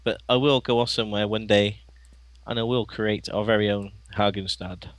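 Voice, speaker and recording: A man co-playing a let's play, talking casually with frequent laughs and lots of halting fillers. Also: lowish voice, fairly even intonation, no echo. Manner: chatty, laughs often, halting with many fillers. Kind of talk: casual gameplay chat.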